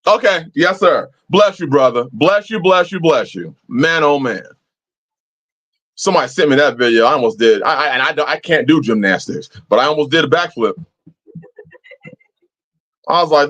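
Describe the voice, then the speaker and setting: A man's voice: a little high, expressive, moderate pace, pauses often, fairly bright tone. A man hosting a live-chat stream, talking casually and preachily, swearing freely as he answers viewers. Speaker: livestream host.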